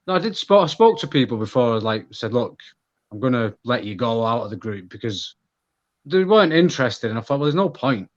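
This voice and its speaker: A man with a Manchester accent, a podcast guest chatting casually about himself in a relaxed, rambling way. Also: mid-range voice, dull audio. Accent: Mancunian. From England. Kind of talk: casual conversation.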